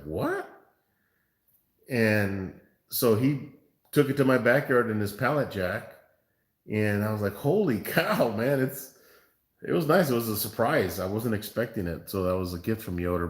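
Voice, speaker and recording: Laid-back man in an echoey room. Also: fairly low pitch. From Far West Texas. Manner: laid-back, calls viewers man and bro. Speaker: barbecue show host. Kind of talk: casual livestream chat.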